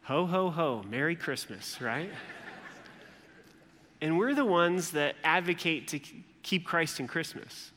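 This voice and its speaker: A man preaching a sermon as a pastor, animated and humorous, acting out the voices of the people in his story. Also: fairly high pitch, a little slow, a little hiss or hum. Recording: long hall reverb.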